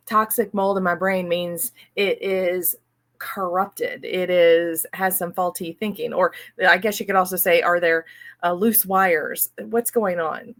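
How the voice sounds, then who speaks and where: A middle-aged woman hosting her own channel, talking casually and animatedly about her money worries, acting out her inner voice. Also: medium pitch. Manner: chatty, animated, laughs, acts out her inner voice. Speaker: host. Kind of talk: casual personal talk on money mindset.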